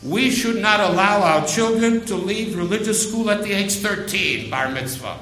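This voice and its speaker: A man preaching a sermon, slow and emphatic, repeating phrases for weight. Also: high voice, lively intonation, bright, forceful tone, reverberant, slight background noise, poor audio.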